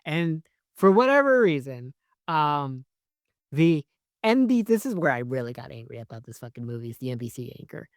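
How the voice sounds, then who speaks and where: Exasperated, profane film reviewer, rambling sarcastic rant, mid pitch, dry mic. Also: very animated, normal speed, no room sound. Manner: rambling, heavy use of "like" and "right?". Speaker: movie reviewer. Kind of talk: ranting film review vlog.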